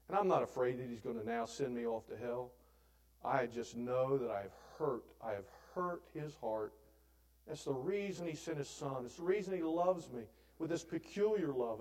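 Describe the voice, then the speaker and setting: A man preaching a sermon in a conversational way, asking the audience questions and adding "right?", swinging from loud emphatic lines to hushed tender ones. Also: mid-range voice. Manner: asks the audience questions, often adds "right?"; conversational, with restarts. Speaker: pastor.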